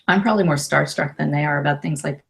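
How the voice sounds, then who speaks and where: A woman in her fifties, a life coach and author, talking warmly and emotionally in a casual interview, with many restarts. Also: deep voice, fast, gravelly.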